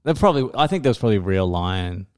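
Rambling man, low voice. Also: sing-song, fast, darkish tone. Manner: rambling, swears often, lots of fillers. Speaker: podcast co-host. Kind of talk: casual chat.

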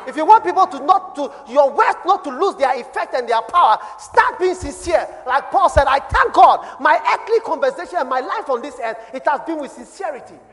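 A man with a Ghanaian accent preaching a sermon as a pastor, his voice dropping low and then swelling loud. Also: expressive, a little fast, hardly any pauses, faint music behind. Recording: long hall reverb.

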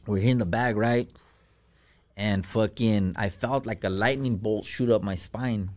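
A man's voice: fairly low pitch, measured pace, a little mellow. A man telling a personal story as a podcast guest, in slangy, profane casual talk full of fillers.

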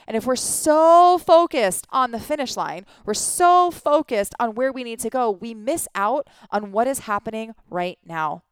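Woman in her thirties, life coach, earnest motivational talk, rhetorical questions, smooth clear voice, dry close sound. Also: fairly high pitch, animated, measured pace, few pauses, dry recording. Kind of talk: motivational monologue.

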